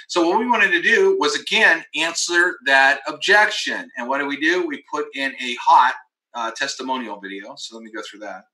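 A man giving an energetic marketing pitch in a webinar, emphatic and acting out the doubts of his prospects. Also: normal speed. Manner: emphatic, acts out quoted voices of prospects. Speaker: webinar presenter. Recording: roomy echo.

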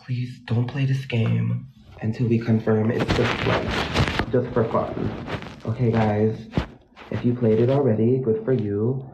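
A man's voice: mid-range voice, little pitch movement, measured pace, vocal fry, background noise. A man hosting a casual live stream from a dim room at home at night, talking dramatically and nervously and gushing at his viewers through a phone propped against a mirror. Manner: dramatic, jittery, gushes at viewers. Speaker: livestream host. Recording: echoey, dull lo-fi phone audio.

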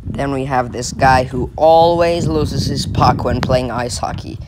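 Young man, from Finland, mocking, exasperated commentary, medium pitch, faint noise. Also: a little slow. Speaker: comedy video creator. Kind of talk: comic voice-over commentary.

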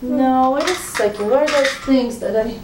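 A fairly high-voiced woman teases and directs her partner while they decorate at home. The room echoes, and a faint hiss sits under her voice. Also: moderate pace. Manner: teasing, directing the other. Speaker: vlog co-host. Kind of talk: casual home vlog chat. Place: home living room indoors.

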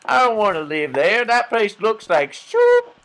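A man voicing a defiant homeless bum in a loud, high, drawn-out voice. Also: wildly swooping pitch, exaggerated voice.

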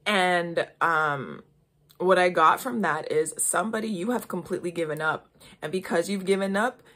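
A young woman talks to her listeners in a relaxed, spiritual chat. Her voice sits a little low with a breathy, husky edge. She speaks with emphatic encouragement and keeps checking in with a quick "okay?". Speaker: podcast host giving intuitive readings.

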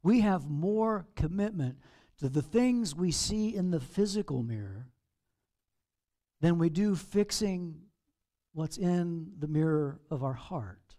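A man, a pastor, preaching a sermon in an animated, playful way with acted asides. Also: fairly high pitch, slow. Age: over 40.

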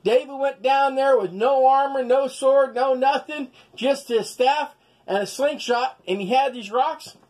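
A man's voice: extremely high pitch, a little slow, a little mellow. A man telling a Bible story as a children's lesson with stuffed animals, folksy and full of sound effects. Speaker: storyteller teaching children's values.

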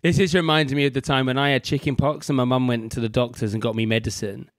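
Dude chatting on a book podcast, joking, dry close sound. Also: male voice, mid-range voice, fairly even intonation, fast talker, no echo. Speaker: podcast co-host. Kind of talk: casual chat.

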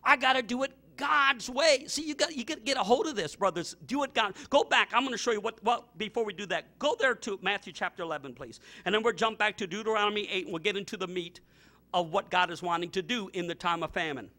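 A middle-aged male pastor preaching a fervent sermon, repeating himself and breaking into sudden loud outbursts. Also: high-pitched, quick pace.

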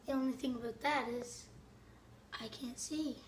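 High-voiced rambling woman vlogger from Canada. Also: normal speed. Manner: rambling, excitable, lots of "like" and "yeah". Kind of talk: casual vlog. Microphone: phone on a selfie stick.

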